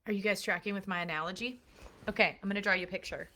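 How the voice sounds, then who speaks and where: A woman's voice: medium pitch, steady tone, very fast, sharp tone. A woman parenting coach giving an earnest, emphatic recorded lesson built on analogies.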